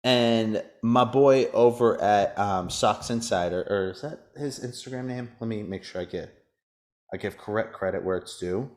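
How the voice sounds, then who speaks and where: A man with a fairly low voice hosts a casual podcast. He rants and jokes crudely about the news of the day. His tone stays loose and unscripted. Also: normal speed, a little mellow. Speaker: podcast host.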